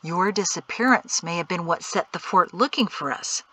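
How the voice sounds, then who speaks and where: A man's voice: sits high, moderate pace, bright, forceful tone, poor audio. Woman reading an earnest male leader.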